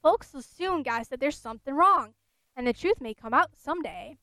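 A woman's voice: high-pitched, lively intonation, moderate pace, sharp tone, no room sound. A woman voicing a peevish old male ghost with a Scottish accent in a read-aloud ghost story.

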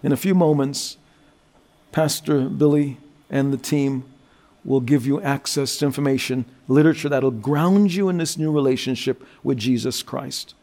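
A man preaching a sermon, telling a story and dropping low and slow for scripture and prayer. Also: a little mellow. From New Jersey. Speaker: guest preacher.

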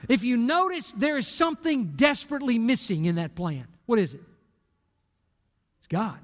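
High-voiced older preacher in echoing hall. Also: male voice, big pitch swings, normal speed. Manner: emphatic, direct storytelling preacher. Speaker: pastor. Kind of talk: sermon. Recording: long reverb of a large hall.

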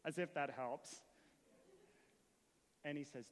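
A man preaching a sermon as a story, moving from hushed retelling to impassioned shouting. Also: on the high side, animated, moderate pace, pauses often, in a large hall. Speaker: pastor.

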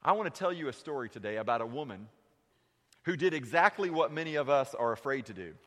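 A man preaching a sermon in a church, shifting between lively questions and hushed, heavy confessions. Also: quick pace. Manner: preaching with dramatic voice shifts, dropping low and quiet for confessions. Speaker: pastor. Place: church sanctuary. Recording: long reverb of a sanctuary.

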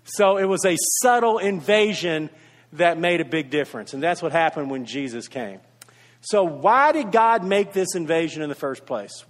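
High-voiced pastor preaching in a hall. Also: male voice. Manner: earnest, repetitive emphasis, storytelling asides. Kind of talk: sermon. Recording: reverberant hall.

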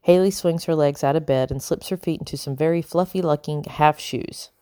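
Low-voiced woman reading a storybook. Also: a little fast, warm tone, no room sound, clean studio sound. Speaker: audiobook narrator. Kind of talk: storybook narration.

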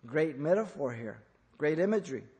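Male pastor, husky, slightly high voice, emphatic sermon delivery, long church-hall reverb. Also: sing-song, moderate pace. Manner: emphatic, rising to loud peaks for quotes. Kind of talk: expository sermon.

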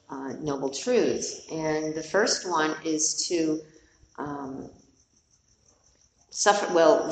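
A middle-aged woman gives a dharma talk in a slightly low, relaxed voice, frank and meandering, with the odd swear word. She is recorded from some distance in a reverberant hall, with faint noise underneath. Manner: warm, candid, digressive, with mild swearing. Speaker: meditation teacher.

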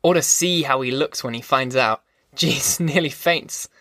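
A man's voice: medium pitch, a little slow, bright, forceful tone, dry recording, studio quality. A man voicing a folksy male migrant who eagerly retells a movie plot in plain talk. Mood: chatty.

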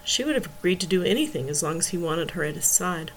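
A woman reading a novel aloud in steady storytelling narration. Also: lowish voice, fast talker, poor audio. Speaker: audiobook reader.

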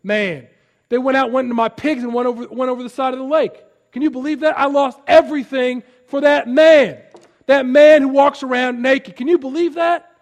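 A man voicing an agitated herdsman who rushes into town, talking in an excited, breathless rush. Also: very high voice, pitched above the performer's own voice. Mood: indignant. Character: agitated male herdsman spreading news in town.

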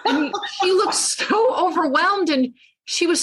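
A woman, a clinical psychologist guest, telling a story in a casual interview, animated and self-mocking with frequent laughter. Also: sits high, moderate pace.

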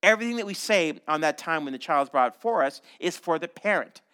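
A middle-aged man preaching a sermon in a church, animated and conversational, often checking in with "right?" and slipping in jokes. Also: on the high side, fairly quick, clean tone. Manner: animated, conversational, frequent "right?" asides and joking. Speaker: pastor.

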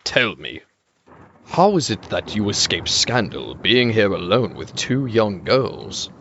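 An actor playing a stern, menacing knight captain who interrogates with cold command in an audio drama. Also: male voice, on the low side, sing-song, takes it slowly, a bit bright, slight background noise, heavily acted. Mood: interrogating. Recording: dull lo-fi recording.

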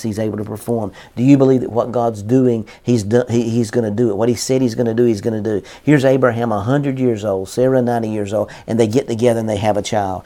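A man's voice: mid-range voice, dark tone. A man preaching a sermon in an earnest, repetitive style, reading scripture aloud and driving his points home.

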